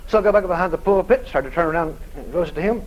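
A man's voice: high-pitched, fast talker, poor audio. A male preacher telling a story in a sermon, acting out both sides of the conversation and often laughing as he tells it.

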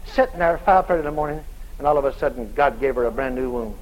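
A man preaching a sermon in a folksy, dramatic storytelling style, shouting out the lines he quotes. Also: mid-range voice, fast talker, dull audio, a little hiss or hum. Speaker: evangelist preacher.

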